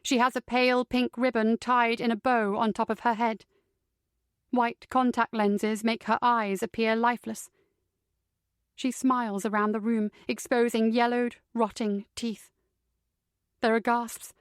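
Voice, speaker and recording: A woman reading a first-person psychological thriller audiobook in a measured, steady way, close to the mic. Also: on the high side, clear, resonant tone, no echo. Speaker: audiobook narrator.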